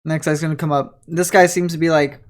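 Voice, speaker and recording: A man's voice: a little high, fairly even intonation, a little fast. A man narrating a tabletop game as game master, moving between casual scene-setting and reading entries aloud.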